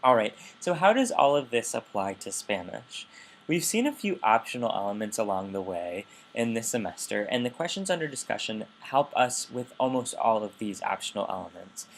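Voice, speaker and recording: A man's voice: mid-range voice, lively intonation, moderate pace, gravelly, a little hiss or hum. A man giving a recorded linguistics lecture, explaining carefully and often correcting himself mid-sentence. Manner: explanatory, with frequent restarts and self-corrections.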